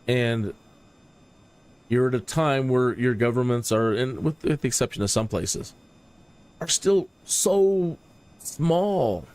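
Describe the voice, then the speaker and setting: A man's voice: mid-range voice, lively intonation, takes it slowly, long pauses, a little mellow. A man hosting a livestream, talking in a rambling, opinionated way and often repeating words. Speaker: flight sim streamer. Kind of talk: casual livestream commentary.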